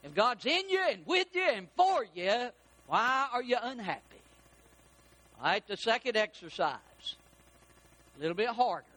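A man preaching a sermon as pastor, animated and rising to shouts for emphasis. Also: very high-pitched, normal speed, long pauses.

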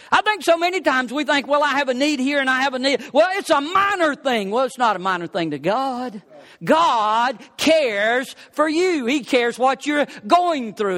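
A man preaching a sermon, swinging between rising exclamations and low, quiet asides. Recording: long hall reverb.

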